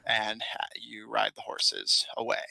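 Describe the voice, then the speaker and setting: A man running a tabletop game as game master, with a very bright, keen tone. His narration is loose and full of fillers. The sound is close and dry, with no room around it. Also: fairly low pitch, sing-song, measured pace, creaky, no echo.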